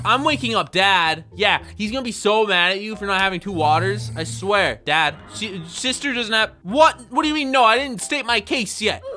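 Lively bright-voiced young man gaming. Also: high voice. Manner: animated, jokey, talks to himself, sudden yelps. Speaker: gaming YouTuber. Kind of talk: playful let's-play commentary.

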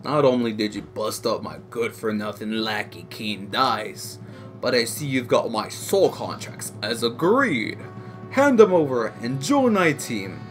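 A taunting, theatrical Devil from a cartoon game, as a man reads him aloud. He gloats with a lively swing in his voice, and faint game music plays underneath. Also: mid-range voice, measured pace, lightly acted. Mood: gloating. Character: the Devil, gloating male villain.

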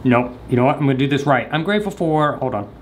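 A man's voice: mid-range voice, expressive, fast talker, slight background noise. A man vlogging casually at home, rambling with lots of hesitant ums and jokey asides. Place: at his house.

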